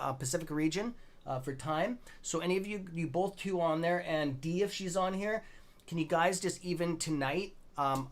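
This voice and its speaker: A middle-aged Canadian man hosts a stock trading livestream, rambling loosely and greeting viewers by name in a friendly, casual manner. He has a high voice.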